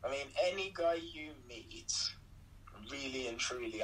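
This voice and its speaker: Young man, casual co-host, earnest and rambling, lively up-and-down delivery, faint background noise. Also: medium pitch, moderate pace, rough recording. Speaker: co-host of a video chat. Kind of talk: casual chat.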